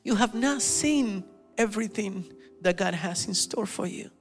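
A male preacher giving an animated sermon, telling stories and acting out the quotes. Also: sits high, a little slow, soft background music. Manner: animated, storytelling, with acted-out quotes.

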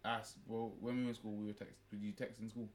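A young man, co-hosting a podcast in quick, pushy, slangy banter. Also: lowish voice, little pitch movement, a crowd in the background. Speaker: podcast co-host. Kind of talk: casual banter.

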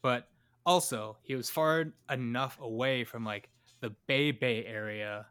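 A man's voice: medium pitch, a little slow, fairly bright tone, smooth. Joking young man telling a story. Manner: loose, joking storyteller, full of fillers and laughs. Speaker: podcast co-host. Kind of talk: casual storytelling chat.

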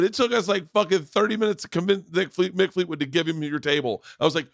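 A man's voice: fairly high pitch, fast, gravelly, hardly any pauses, no room sound, studio quality. A man hosting a podcast, telling a long story in casual chat, swearing freely and acting out what other people said. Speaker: podcast host.

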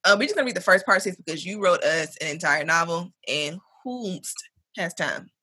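Bright husky woman podcaster, aave, reading a fan email, lively and cussing, dry sound. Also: on the low side, normal speed, dry recording. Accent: African American English. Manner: animated, profane, laughs often. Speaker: podcast co-host. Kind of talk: casual podcast chat, reading a listener email aloud.

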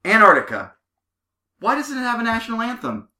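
A man's voice: extremely high pitch, wildly swooping pitch, fairly quick, pushed and bright, echoey room. A man hosting a comedic podcast, rambling and joking with lots of restarts. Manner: rambling, jokey, restarts a lot. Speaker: podcast host.

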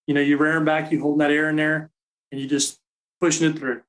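Dude explaining how he blows a duck call, laid back, kinda high voice, lots of you knows. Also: little pitch movement, quick pace, poor audio. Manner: practical, explains step by step with fillers. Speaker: guest, call maker. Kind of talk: casual technical explanation.

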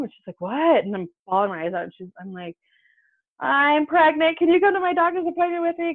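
A woman's voice: lowish voice, no room sound. A woman in her thirties, a podcast guest telling a personal story in casual talk, acting out the voices she quotes. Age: 30s. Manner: animated, acts out quoted voices. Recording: tinny phone-like line, dry.

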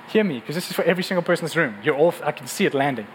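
Guy preaching a sermon, pretty high voice, talks to the room like a chat, faint hum behind. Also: lively intonation, rapid-fire, rough recording. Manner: earnest, conversational preaching that often repeats words. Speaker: pastor. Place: room with a live congregation.

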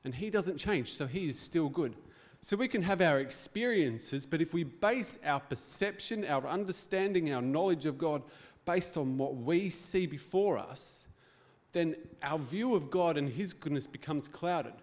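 A man's voice: a little high, lively intonation, measured pace, darkish tone. A man preaching a sermon as pastor, in a conversational, joking way with rhetorical questions. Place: church hall.

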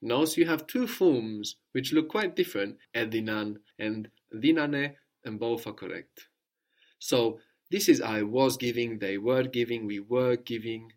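A man with a middle-pitched voice leads a spoken language lesson. He prompts his student step by step and repeats each answer back slowly and clearly, with patient encouragement. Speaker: language teacher.

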